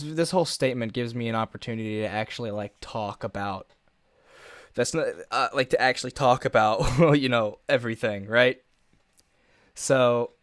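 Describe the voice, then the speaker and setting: A man talking on a live stream in a halting, nervous way, full of restarts and fillers, with a shaky voice. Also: medium pitch, smooth, dry recording, clean studio sound.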